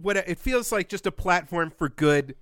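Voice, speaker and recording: A man co-hosting a podcast, talking in a wry, joking and excitable way. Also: high-pitched, normal speed, no room sound, clean studio sound. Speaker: podcast co-host. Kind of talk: casual podcast chat.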